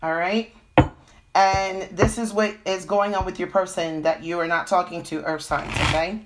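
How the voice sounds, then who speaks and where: Female tarot reader with a cold, slightly low voice, chatty and filler-heavy. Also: fairly even intonation, moderate pace, background noise. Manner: chatty, frequent fillers and "okay?" check-ins. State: has a cold. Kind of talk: live-stream tarot reading.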